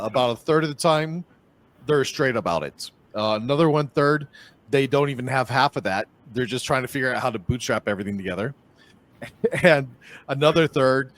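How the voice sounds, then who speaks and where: A podcast host with a Boston accent conducts a casual interview in an upbeat, chatty way, often repeating his phrases. His mid-range voice is slightly bright and moves at a moderate pace.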